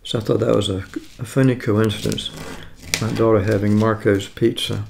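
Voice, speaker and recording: Older man in his seventies, gravelly low voice, rambling food vlog chat, self-correcting. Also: fairly even intonation, moderate pace, noisy background. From United States. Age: 70s. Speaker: food vlogger. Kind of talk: casual food tasting vlog.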